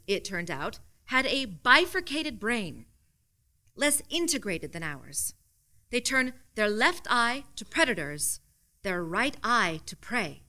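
A woman's voice: medium pitch, sharp tone. Wry woman narrating a first-person story. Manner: wry, dry, matter-of-fact.

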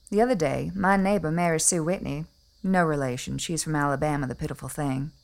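A woman's voice: low-pitched, vocal fry. A woman playing a snobbish, wealthy middle-aged Southern belle mother with an Atlanta accent, speaking in a prim, genteel and condescending way in a comic monologue.

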